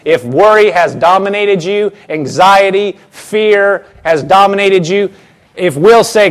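High-voiced man preaching a sermon. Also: animated, normal speed. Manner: emphatic, repeats phrases, restarts. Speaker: pastor.

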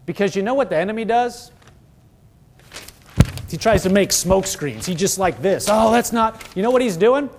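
Male preacher, high voice, earnest conversational teaching, heavy on rhetorical questions. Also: animated, normal speed, long pauses, darkish tone, slight background noise.

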